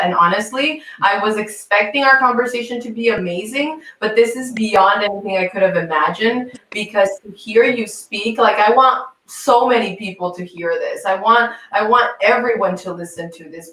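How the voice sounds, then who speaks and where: A woman hosting an interview, warmly affirming her guest with enthusiasm. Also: mid-range voice, distant mic. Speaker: host. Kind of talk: casual interview talk. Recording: roomy, set back from the mic.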